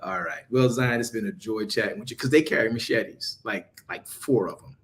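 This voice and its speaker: A man's voice: lowish voice, normal speed. A man leading an online study group, telling jokes and stories in casual talk before closing with a prayer and blessing. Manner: animated, jokey, turns into a prayer and blessing.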